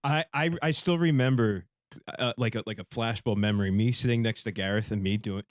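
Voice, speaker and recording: A man with a middle pitch jokes and teases his co-hosts. He sounds close and dry on the mic. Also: fairly quick, dry recording. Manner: joking, teasing. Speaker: podcast co-host. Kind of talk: casual banter.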